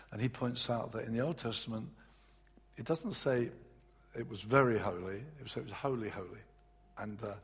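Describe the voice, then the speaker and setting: Male preacher, gravelly and very husky voice, earnest and halting, long hall reverb. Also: mid-range voice. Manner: earnest, halting, with many restarts. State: voice recovering from loss. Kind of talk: sermon. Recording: echoey hall.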